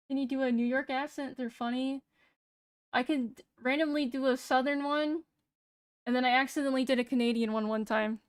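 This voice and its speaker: A young woman streamer chats on a close, dry mic, with a high, light voice. She swears freely, laughs easily, and jokes at her own expense. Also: no echo. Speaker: VTuber streamer. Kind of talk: casual stream chat.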